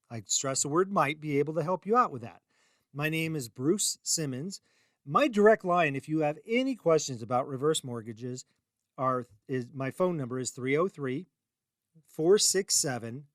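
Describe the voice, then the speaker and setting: A man's voice: fairly high pitch, fairly bright tone, no echo. Chatty middle-aged male radio host, dry sound. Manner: chatty, rambling, self-deprecating, with emphatic rises. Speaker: radio show host and reverse mortgage salesman. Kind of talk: casual talk radio monologue.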